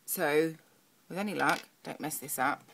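Deep-voiced and unhurried, with vocal fry, a young beauty vlogger talks through a makeup tutorial, chatty and murmuring softly to herself while she works. A little hiss or hum sits under the recording.

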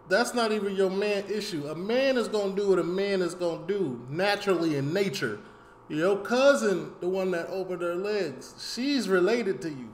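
A man hosts a reaction video, giving blunt, opinionated takes in easy conversation. His voice sits high. The room around him is echoey, with faint noise. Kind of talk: reaction commentary.

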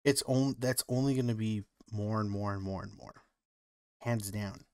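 A man's voice: lowish voice, normal speed, mellow, smooth, no room sound. A man co-hosting a podcast, chatting casually and rambling, with lots of "like" and "you know". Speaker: podcast co-host. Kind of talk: casual chat.

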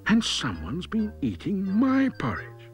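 Give me a cross, fussy mummy bear, as a male narrator puts her on, pitched up and slow. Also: wildly swooping pitch, soft background music, exaggerated voice. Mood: surprised. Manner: cross, indignant. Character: fussy middle-sized mummy bear, female.

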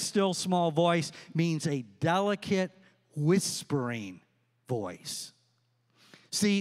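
A middle-aged pastor preaches in a fairly high, smooth and resonant voice. He tells stories and acts out the dialogue as he goes. His words ring through a large, echoing church. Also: fairly bright tone. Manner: storytelling with acted-out dialogue. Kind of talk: sermon. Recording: echoey church hall.

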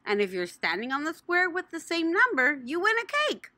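A woman's voice: very high voice, wildly swooping pitch, normal speed, sharp tone, dry recording, voice pushed up, full character voice. A woman voicing a patient but weary mother in an audiobook, coaxing and mildly exasperated. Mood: encouraging. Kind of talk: audiobook reading.

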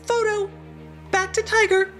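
A cheeky macaw taunts in a piercing high squawk, as a woman puts him on for a storybook. He snaps out short repeated phrases in a very parrot-like voice. Faint music plays underneath. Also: flat delivery, measured pace, fairly bright tone. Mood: saucy. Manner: squawky, clipped repeated words.

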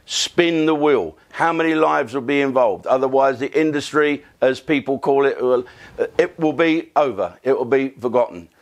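A man's voice: medium pitch, moderate pace. An older man, a comedian telling rambling stories in a profane, self-mocking way. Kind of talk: comic monologue, casual storytelling.

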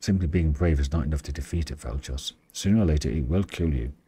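A man's voice: very deep voice, fast, mellow, husky, exaggerated voice. A man reading out the lines of an anxious, tearful young dryad woman from a game, in his own plain voice. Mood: pleading.

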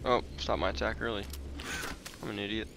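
A man's voice: lowish voice, steady tone, a little fast, gravelly. Let's play host, male, rambling casual commentary, noisy recording. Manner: rambling, chatty with many fillers.

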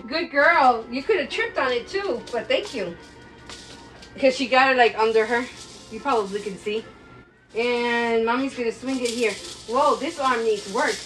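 A woman's voice: on the high side, measured pace, a bit bright, recorded from a distance, faint music behind, rough recording. A woman filming a pet vlog, praising and coaxing her dog in a playful sing-song voice and giggling often.

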